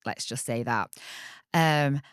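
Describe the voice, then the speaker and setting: A woman in her thirties, a podcast guest, telling her own story candidly in an animated, chatty way. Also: rumbling low, takes it slowly, smooth, no room sound, studio quality. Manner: chatty, animated, laughs often and acts out quoted voices.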